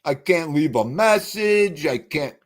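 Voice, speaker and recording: Livestream host, male, slightly high voice, lively swooping delivery, joking banter, mock-exasperated rants, swears freely. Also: takes it slowly. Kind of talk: casual livestream chat.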